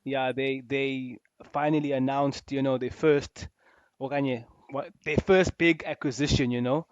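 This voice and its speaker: A man co-hosting a casual football podcast, animated, laughing often and repeating himself. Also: mid-range voice, a little slow, smooth, no echo, lo-fi sound. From South Africa. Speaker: podcast co-host.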